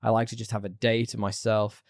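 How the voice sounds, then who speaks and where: A man co-hosting a podcast in casual chat, animated and laughing often. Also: on the low side, fairly quick, no echo, clean studio sound. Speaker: podcast co-host.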